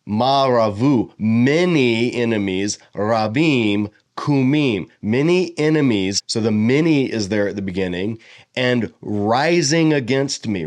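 Man teaching scripture, sounding out Hebrew. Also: lowish voice. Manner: explains Hebrew words slowly, sounding them out; relaxed, conversational lecturing with repeated words. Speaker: Bible teacher. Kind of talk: verse-by-verse Bible teaching.

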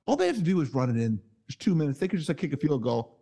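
A man hosting a casual podcast chat over a video call, telling an excitable story. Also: on the high side, racing, vocal fry, breathy edge. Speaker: podcast host.

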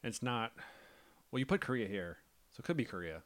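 Man, podcast co-host, fast-talking, dry wisecracks, casual. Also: mid-range voice, big pitch swings.

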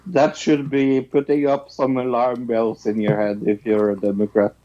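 A man's voice: mid-range voice, little pitch movement, normal speed, mellow, dull audio. Laid-back man co-hosting a chat. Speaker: co-host. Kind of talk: casual reaction chat.

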